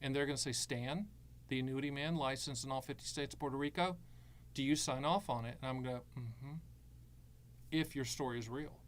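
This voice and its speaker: A man's voice: medium pitch, steady tone, fairly quick. A middle-aged man hosting a live Q&A as an annuity advisor, answering viewer questions with breezy, jokey salesman patter.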